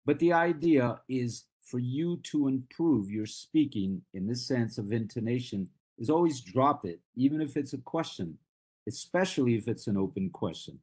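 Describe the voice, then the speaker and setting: A man from Colombia, a native Spanish speaker with a Colombian accent, teaching an English class in a deliberate way and repeating his example questions. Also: mid-range voice, expressive, a little mellow, slightly rough. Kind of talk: online class lecture.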